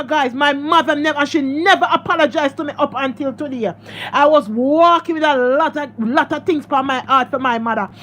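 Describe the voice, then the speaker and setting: A woman's voice: high-pitched, fairly bright tone. A woman with a Jamaican accent telling a personal story to her social media followers, emotional and repeating herself, often calling them guys. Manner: emotional, repetitive, addresses viewers as guys.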